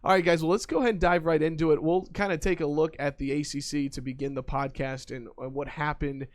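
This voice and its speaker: A man's voice: a little high, fairly even intonation, quick pace. A young man hosting a sports podcast, leading into segments in an upbeat, emcee-like way. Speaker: podcast host. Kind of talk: casual podcast chat.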